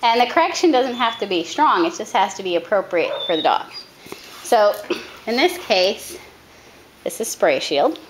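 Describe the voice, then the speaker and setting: A woman dog trainer giving a hands-on coaching demonstration outdoors, calm when she explains and brisk when she gives instructions. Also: medium pitch. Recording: camera audio with loud background noise.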